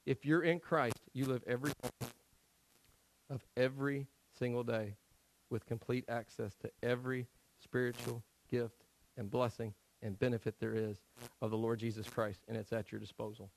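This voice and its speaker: A male pastor preaching a sermon to his church, telling stories with acted-out voices and swinging between loud emphasis and quiet asides. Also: mid-range voice, normal speed, gravelly, slight background noise, rough recording. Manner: animated storytelling, acts out quoted voices. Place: church sanctuary.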